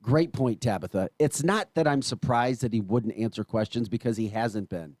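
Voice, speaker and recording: A man's voice: mid-range voice, moderate pace, dry recording, studio quality. A man with an American accent hosting a morning talk radio show, ranting in an emphatic, exasperated way. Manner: exasperated, emphatic, animated rants.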